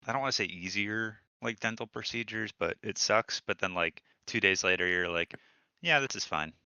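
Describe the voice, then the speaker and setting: A wry, laid-back man co-hosts a casual gaming podcast in a very low, gravelly voice. His tone is strongly bright and crisp. The recording is dry and a little dull. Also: moderate pace, dry recording. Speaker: podcast co-host.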